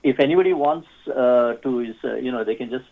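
A man, a radio guest who tells stories haltingly, with many fillers and restarts. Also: medium pitch, creaky. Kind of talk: radio interview storytelling. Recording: phone-like narrow sound.

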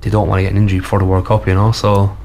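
A man hosting a casual football chat, giving measured, opinionated takes. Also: deep voice, monotone, darkish tone.

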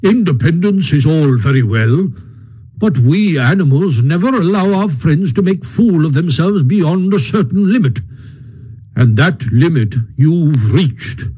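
A man voicing a stern, severe old male badger who lectures in a measured way in a storybook reading. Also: a little high, animated, dark tone, rough recording. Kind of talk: audiobook character reading.

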